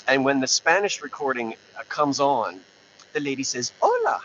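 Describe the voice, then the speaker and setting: A man's voice: medium pitch, normal speed, fairly bright tone. A man hosting a rambling live-stream chat from inside his parked truck, talking to viewers through a mounted camera in a jokey, self-interrupting way. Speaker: live-stream host, antiques seller. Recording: dull lo-fi sound with faint hum.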